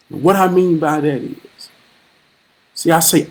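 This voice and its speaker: A man hosting a live stream, giving a profane, preachy monologue with rhythmic repetition and occasional shouted bursts. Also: on the high side, moderate pace, pauses often. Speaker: livestream host.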